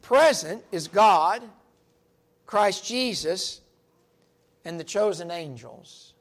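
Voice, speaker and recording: A man's voice: sits high, expressive, slow pace. A man teaching a Bible study, earnest and emphatic, stressing key words as he reads verses aloud.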